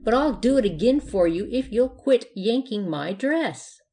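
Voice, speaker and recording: A woman's voice: a little high, expressive, unhurried, voice pushed up. A woman voicing a cheerful, polite young witch in a storybook reading. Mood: prim. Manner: bright, prim, eager.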